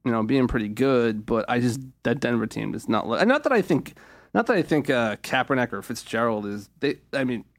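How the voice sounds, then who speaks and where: This man talks quickly and runs straight on to the next thought as he hosts a loose comedy radio chat. He sits at a middle pitch, neither high nor deep, and keeps circling back to his own point. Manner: fast, rambling, animated opinions. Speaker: fill-in radio host.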